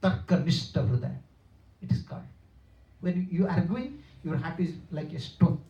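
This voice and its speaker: In a temple hall that makes him sound far off and echoey, an older spiritual teacher lectures through stories at normal speed. His voice is slightly high, with the highs cut off. He repeats himself in simple non-native English and becomes lively when quoting characters.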